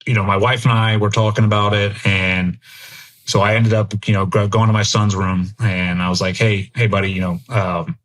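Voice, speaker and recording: A man's voice: on the low side, fairly even intonation, moderate pace, fairly bright tone. A middle-aged American man and military veteran, a podcast guest talking candidly and reflectively in an interview. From United States. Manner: earnest, reflective, thinks aloud.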